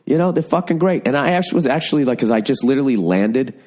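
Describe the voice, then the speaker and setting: A man's voice: mid-range voice, expressive, fast talker, darkish tone. A man hosting a podcast, telling rambling, profane stories in casual chat. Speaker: podcast host.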